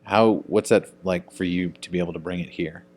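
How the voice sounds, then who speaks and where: A man with a low-pitched voice conducting a film festival interview. He puts his questions in an upbeat way, rising in pitch as he asks. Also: steady tone, brisk, a little mellow.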